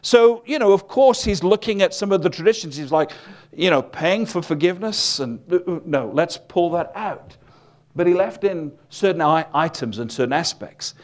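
A man's voice: high-pitched, expressive, moderate pace, darkish tone. A man preaching a sermon in a conversational, humorous storytelling manner.

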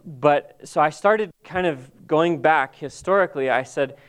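A middle-aged man telling a halting, emotional personal testimony to a group, full of restarts and pauses. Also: on the high side, clear, resonant tone. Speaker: Bible college staff member.

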